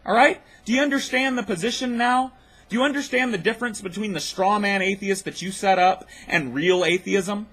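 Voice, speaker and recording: A man's voice: high voice, brisk, bright, forceful tone. A man hosting his own video, rebutting a clip with a blunt, mocking, profane rant. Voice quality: blunt, mocking, swears freely.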